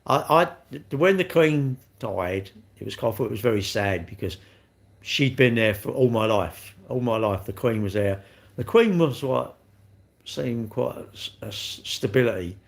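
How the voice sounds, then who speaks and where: A man's voice: medium pitch, lively intonation, moderate pace, vocal fry. A man, hosting a casual livestream, rambling and joking at himself as he answers viewers' comments and laughs often. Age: 60s. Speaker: livestream host.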